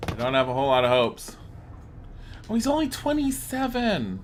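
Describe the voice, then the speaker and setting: A man's voice: medium pitch, huge pitch swings, normal speed, a little hiss or hum. A man chatting sarcastically through a video game, talking to his chat as he plays. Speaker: streamer. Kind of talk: casual gameplay commentary. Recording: game music behind voice.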